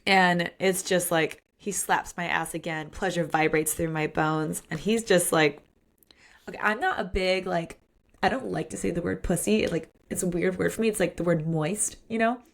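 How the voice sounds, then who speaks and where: With a fairly low, creaky voice at normal speed, this podcast co-host chats casually about a romance novel. She's candid and lively, performing quotes from the book as she goes.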